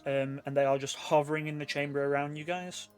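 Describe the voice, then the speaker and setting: A man with a fairly high-pitched voice narrates a tabletop game as game master, describing scenes in an easygoing, rambling way with plenty of fillers. Faint music plays underneath. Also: little pitch movement, brisk, darkish tone, clear, resonant tone. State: hiccuping.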